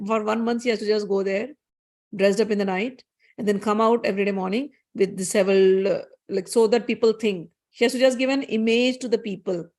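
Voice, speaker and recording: A woman giving a spiritual talk. She retells a story in a lively way, with many restarts and asides. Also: mid-range voice. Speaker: spiritual teacher. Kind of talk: storytelling scripture discourse.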